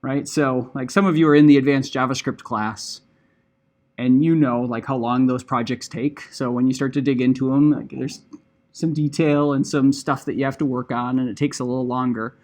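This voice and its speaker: A man's voice: mid-range voice, fairly even intonation, normal speed, darkish tone. A middle-aged man teaching a class, explaining a project in a casual, conversational way full of "like" and "right?" asides. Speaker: instructor. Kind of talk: classroom lecture.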